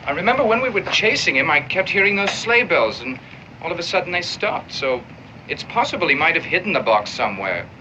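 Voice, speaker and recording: A man's voice: on the high side, sing-song, brisk, sharp tone, muffled recording, slight background noise, exaggerated voice. An actor playing a flustered army corporal who defers to his superiors and speaks brusquely to the townsfolk. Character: flustered male army corporal, dutiful and gruff.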